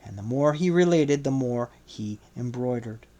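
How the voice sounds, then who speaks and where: A man reading a novel aloud as an audiobook narrator, in a measured way. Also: medium pitch, expressive, dark tone.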